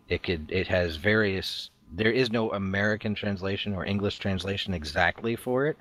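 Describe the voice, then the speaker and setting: Low-voiced man in casual chat. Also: moderate pace, few pauses, fairly bright tone, no room sound. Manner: rambling, chuckling storyteller. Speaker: talk show co-host.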